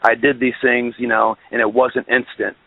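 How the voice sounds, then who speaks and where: A man's voice: mid-range voice, level tone, normal speed, gravelly, no room sound. A man calling in as a guest musician, talking in a ranting, profane way and often restarting his sentences. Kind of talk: casual phone-in interview. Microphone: phone. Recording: tinny phone line.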